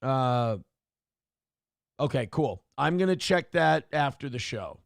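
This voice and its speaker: Gravelly joking male talk-show host. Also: mid-range voice, expressive, slow pace, no echo, clean studio sound. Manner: profane, joking, reading viewer messages aloud. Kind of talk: casual live-stream talk.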